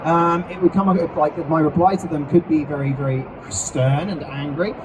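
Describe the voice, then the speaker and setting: Casting: a fairly high-voiced man, chatty convention-stage presenter, captured on a distant mic in a noisy venue. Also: steady tone, moderate pace. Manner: chatty, playful, explaining with acted examples. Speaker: co-host teaching character creation. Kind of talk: live stage talk at a fan convention.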